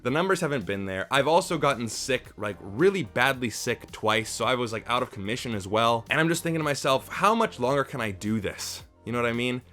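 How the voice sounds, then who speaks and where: A young man reviews a movie for his channel with plenty of enthusiasm and emphasis, speaking straight to his viewers. His voice sits at an ordinary middle pitch, and soft music plays behind him. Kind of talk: casual movie review to camera.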